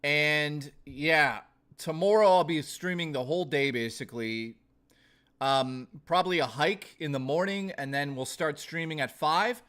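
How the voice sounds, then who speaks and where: A man's voice: on the high side, unhurried, fairly bright tone, smooth. A man hosting a casual live stream, rambling and thanking viewers, his voice strained and fading. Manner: rambling, thanks chat by name. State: losing his voice.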